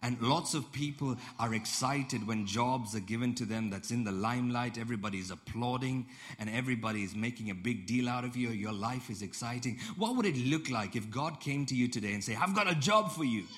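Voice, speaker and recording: A man's voice: medium pitch, fairly quick. A man preaching a sermon in a conversational storytelling way, repeating phrases and putting questions to the congregation. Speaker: pastor.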